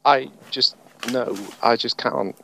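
A man's voice: mid-range voice, takes it slowly, gravelly, pushed and bright, slight background noise. A man hosting a podcast, chatting casually in a wry, jokey way. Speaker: podcast host. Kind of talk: casual chat.

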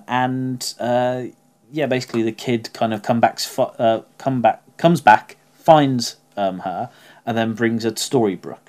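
This man's voice sits on the low side with a darkish tone as he co-hosts a podcast. The chat is relaxed but halting, with frequent fillers.

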